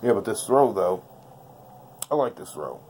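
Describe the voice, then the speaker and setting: Blunt, slangy low-voiced man teaching dice throws. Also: sing-song, a little slow, a little mellow, slight background noise. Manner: slangy, blunt, intense, repeats himself. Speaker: craps dice-control instructor. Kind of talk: casual tabletop tutorial. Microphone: off-camera voice, face never shown.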